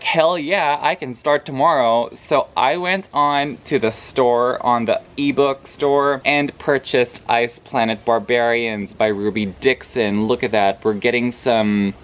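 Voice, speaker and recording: With a clean tone and medium pitch, a tired man rambles through a casual book vlog, cursing and reacting animatedly to what he reads despite sounding sleepy.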